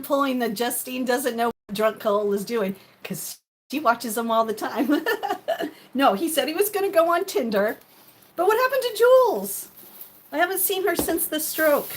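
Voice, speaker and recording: A woman chatting casually on a live stream while she cooks, greeting viewers by name and laughing often. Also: fairly high pitch. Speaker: livestreaming cooking vlogger.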